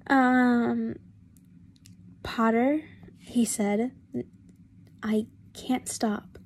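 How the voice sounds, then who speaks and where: A woman's voice: fairly high pitch, a little hiss or hum. A young woman casually reading fanfiction aloud, stumbling over words and restarting lines as she goes. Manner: halting, stumbles and restarts often. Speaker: fanfiction reader.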